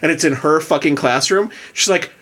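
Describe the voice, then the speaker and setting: A man co-hosting a podcast, telling a story in a casual, animated way and laughing often. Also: a little high, moderate pace, a little hiss or hum. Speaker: podcast co-host.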